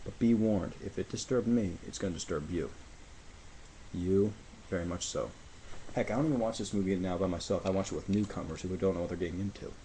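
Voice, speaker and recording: A man talking casually in a review video, rambling and gushing excitedly, a little out of breath. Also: low-pitched, brisk, slight background noise, rough recording. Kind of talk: casual movie review vlog.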